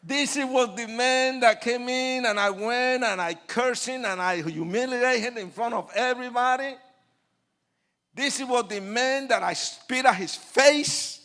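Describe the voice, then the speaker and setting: An older man with a Puerto Rican Spanish accent, a native Spanish speaker, telling his testimony as a preacher, animated, acting out quotes and moving from soft asides to shouting. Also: very high voice, a little slow. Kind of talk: sermon testimony storytelling.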